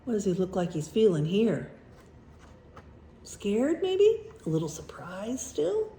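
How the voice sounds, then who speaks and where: Gentle woman story reader for children; mellow, animated, unhurried. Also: mid-range voice, a little hiss or hum. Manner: gentle, questioning, engaging. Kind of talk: reading aloud to children, asking questions. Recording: roomy echo.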